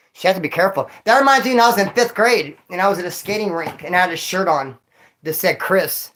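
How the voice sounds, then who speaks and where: A man's voice: high voice, quick pace, fairly bright tone. A man who was in prison chats casually on a livestream, telling stories in slang and talking straight to a viewer. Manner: slangy, storytelling, addresses a viewer directly. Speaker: former prisoner streamer reading chat. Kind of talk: casual livestream chat and storytelling.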